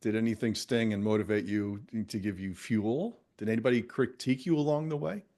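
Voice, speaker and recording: Podcast host guy, lowish voice, asks lots of encouraging questions. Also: a little fast, warm tone. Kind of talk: interview.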